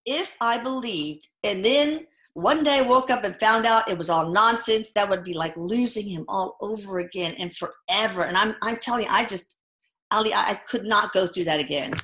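A middle-aged woman telling personal stories in a casual interview, halting often with fillers and restarts. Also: mid-range voice, fairly bright tone. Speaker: guest. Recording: echoey room.

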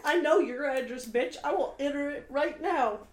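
Brash, foul-mouthed high-voiced woman. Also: normal speed, roomy sound. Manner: brash, swears constantly. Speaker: podcast host. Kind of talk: casual podcast chat. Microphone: studio microphone.

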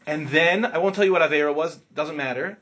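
A middle-aged man teaching an informal Torah class to students, animated, asking questions and acting out what his students say. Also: fairly high pitch, a little fast, lo-fi sound. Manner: animated, asks the listeners questions, acts out students' words.

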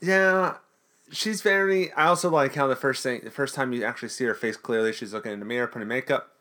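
A man's voice: mid-range voice, fast, pushed and bright. A man co-hosting a podcast, casually recapping a TV episode in a jokey, rambling way. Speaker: podcast co-host.

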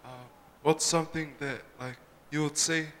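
A man's voice: a little high, fairly even intonation, normal speed, fairly bright tone, a little hiss or hum. Hesitant man asking in a reverberant hall. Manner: hesitant, searching for words. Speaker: church member asking a question.

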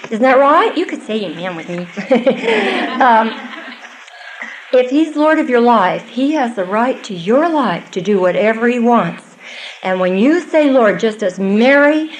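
A woman's voice: a little high, animated, unhurried, a little hiss or hum, rough recording. An older woman giving a Bible teaching to a live audience, earnest and conversational with small asides.

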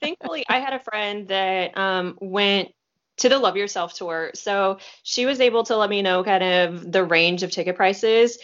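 Woman co-host, mid pitch, relaxed with wry humor, slightly dull audio. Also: moderate pace. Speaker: podcast co-host. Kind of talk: casual chat.

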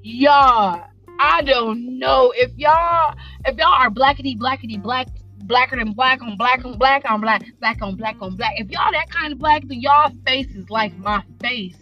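A woman from South Central hosting a podcast, telling a work story in animated, slangy, unfiltered casual chat and acting out her coworkers' lines. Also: high-pitched, normal speed, few pauses, muffled recording, faint music behind. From South Central Los Angeles. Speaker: podcast host.

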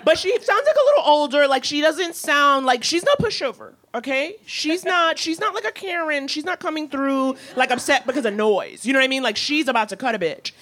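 A woman co-hosting a comedy podcast, telling a story in a sassy, animated way with laughing asides. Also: sits high, a little fast, hardly any pauses. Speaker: podcast co-host.

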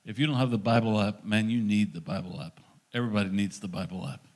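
A man's voice: lowish voice, fairly even intonation, quick pace. A middle-aged male pastor giving a conversational sermon, acting out little dialogues as he teaches.

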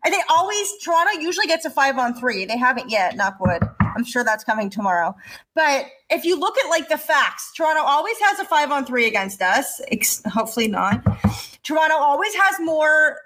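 A woman co-hosting a podcast in casual chat, animated and swearing as she rants and laughs. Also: high-pitched, brisk. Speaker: podcast co-host.

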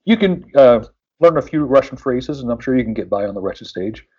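Man from West Virginia, rambling casual chat, breathy voice, muffled recording. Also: mid-range voice, expressive, brisk, dark tone. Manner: rambling, full of fillers and restarts.

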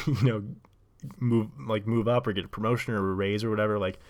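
Lowish-voiced guy rambling on his show, tons of likes and laughs. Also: fairly even intonation, fairly quick. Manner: rambling, lots of likes and self-corrections, laughs often. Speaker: podcast host. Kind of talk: casual monologue.

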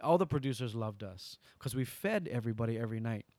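A man with a Hawaiian accent, a guest in an interview, who tells stories animatedly and swings from loud bursts to soft asides. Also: medium pitch, expressive, fast, no room sound, clean studio sound. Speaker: guest entertainer. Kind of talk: storytelling interview.

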